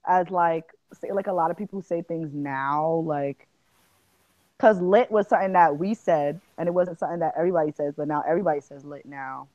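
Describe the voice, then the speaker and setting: Young woman, new york accent, low-pitched, storytelling chat, dull dry sound. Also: fairly quick, no echo. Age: 20s. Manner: chatty storytelling, lively retold quotes. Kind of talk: casual chat.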